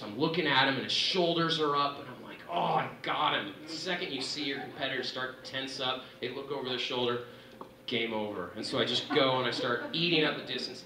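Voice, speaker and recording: A young man giving a dinner speech, telling the story of a race in an excited, animated way, his voice climbing when he gets thrilled. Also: medium pitch, a little hiss or hum. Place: banquet room. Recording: echoey room from far off.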